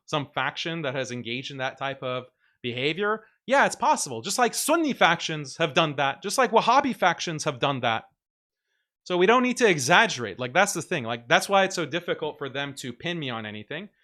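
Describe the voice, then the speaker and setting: A young adult man hosting a casual livestream, reading viewer comments and answering them in a mocking, animated way, full of "like". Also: a little high. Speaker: livestream host reading super chats.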